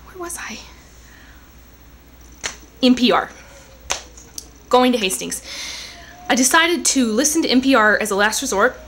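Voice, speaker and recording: A young woman talks casually to her camera from a living room at home. Her voice sits a little high, and she rambles with quick asides. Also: slight background noise. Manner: chatty, rambling, animated with asides. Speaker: vlogger.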